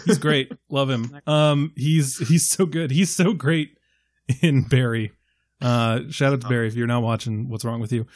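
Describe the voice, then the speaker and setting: A man on a podcast panel talking about a film in a casual, animated way, swearing freely and stressing his points. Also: mid-range voice, normal speed, no room sound, clean studio sound. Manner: animated, profane, emphatic.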